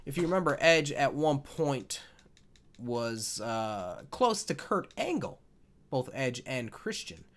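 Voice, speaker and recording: A man's voice: medium pitch, big pitch swings, takes it slowly, a bit bright. A man giving casual, jokey gameplay commentary while playing a wrestling video game, swearing and rambling.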